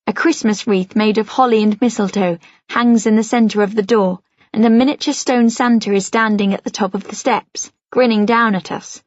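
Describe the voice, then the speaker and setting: A woman narrating a first-person novel for an audiobook in a gentle, even storytelling manner. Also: mid-range voice, moderate pace, no echo, highs cut off.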